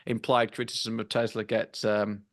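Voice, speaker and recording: A man's voice: lowish voice, flat delivery, normal speed, dry recording, studio quality. A man co-hosting a car podcast, chatting casually in a wry, self-mocking way with frequent restarts.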